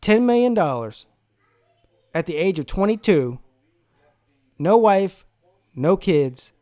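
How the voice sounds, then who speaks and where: A man's voice: sits high, big pitch swings, takes it slowly, darkish tone. A man from South Carolina hosting a live football draft stream, brash, profane and joking in casual commentary.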